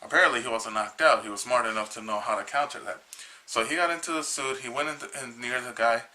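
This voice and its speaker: A man with a very bright, sharp-edged voice retells a comic book's plot in a loose, casual way. He rambles and halts, restarting his sentences often, and sounds a little tired. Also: medium pitch, rough recording. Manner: rambling, halting, with many restarts. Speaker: comic book reviewer.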